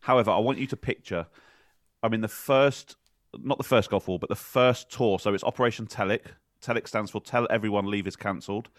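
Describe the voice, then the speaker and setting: A man on a podcast telling a story in a measured, scene-setting way. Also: fairly low pitch, dry recording, studio quality. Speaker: podcast co-host, former soldier. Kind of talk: casual storytelling chat.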